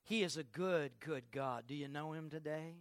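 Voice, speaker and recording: In a clean, echo-free studio recording, a man with a somewhat high voice preaches for Easter. He alternates hushed stretches with loud proclamations and rapid questions to his listeners in the pews.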